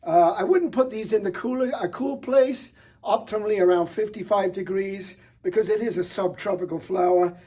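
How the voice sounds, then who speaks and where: A man's voice: high-pitched, moderate pace, dark tone. A middle-aged man presenting flowers with enthusiasm, chatty, with fillers and small restarts. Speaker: florist presenter. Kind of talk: product showcase demonstration.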